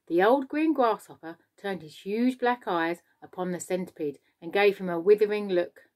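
A woman, a teacher, reading a children's book aloud with expressive storytelling. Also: mid-range voice, normal speed, hardly any pauses.

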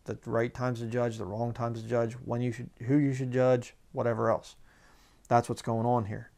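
A man delivering a sermon in a plain, conversational manner, with a gravelly, fry-touched voice at a middle pitch. He slows down and leans on the words when reading scripture. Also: flat delivery, darkish tone. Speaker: preacher.

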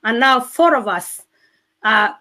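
A woman with a Somali accent earnestly telling her faith testimony, halting and restarting often. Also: a little high, expressive, bright, forceful tone. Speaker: guest sharing testimony. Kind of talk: emotional personal testimony.

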